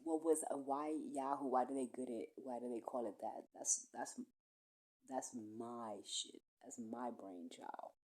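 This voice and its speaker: A woman's voice: rumbling low, fairly even intonation, unhurried, a little mellow. A woman, rambling profanely through a monologue that jumps from topic to topic. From Puerto Rico.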